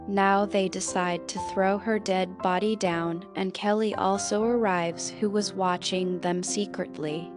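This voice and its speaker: Quiet music underlies a woman's unhurried, measured narration of a film recap. Her voice is of ordinary middle pitch, and she reads the scripted plot events and quotes slowly.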